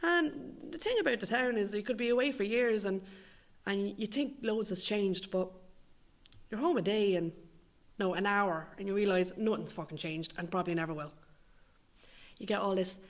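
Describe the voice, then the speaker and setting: Young woman, Irish accent, mid-pitched, sardonic, sweary, rambling comic monologue. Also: normal speed. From Ireland. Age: young adult. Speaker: comedic monologue performer.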